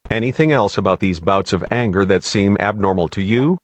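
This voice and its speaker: A man playing a radio news host, asking calm, measured questions in an amateur audio drama. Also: on the low side, a little hiss or hum, lightly acted. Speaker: radio interviewer.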